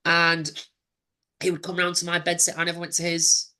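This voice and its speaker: A man in his forties telling a personal story as an interview guest, candid and reflective, halting and restarting as he goes. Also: a little high, monotone, sharp tone, clear, resonant tone. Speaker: podcast guest.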